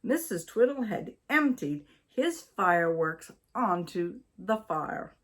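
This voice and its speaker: An older woman from Maine reading a children's story aloud in a slow, deliberate way. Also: lowish voice, very animated, a bit bright. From Maine, USA.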